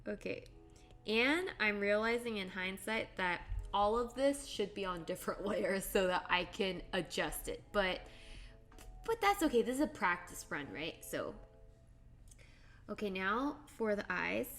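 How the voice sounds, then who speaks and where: A woman's voice: mid-range voice, a little slow, a bit bright, soft background music. A young woman live-streaming as she draws, chatting casually with viewers, giggling and thinking aloud. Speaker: livestreamer. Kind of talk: casual live-stream chat while drawing.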